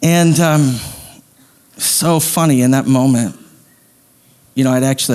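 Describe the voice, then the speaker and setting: A man in his thirties, a pastor from Idaho, telling a personal story in a sermon, lively at first and then dropping to a soft, slow hush. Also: medium pitch, clear, resonant tone.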